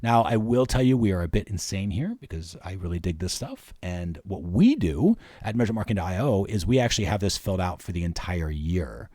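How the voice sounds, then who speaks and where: A man's voice: deep voice, sing-song, fairly quick, hardly any pauses, warm tone, no room sound, studio quality. A man hosting a marketing workshop, walking casually through spreadsheet figures step by step. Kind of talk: screen-share workshop explanation.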